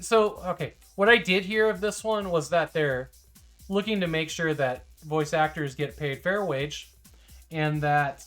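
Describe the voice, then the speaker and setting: A woman with a notably low voice hosts a relaxed stream. She rambles casually, full of fillers and restarts. Faint music plays quietly behind her. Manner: rambling, filler-heavy, gushes over her dog. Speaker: streamer host.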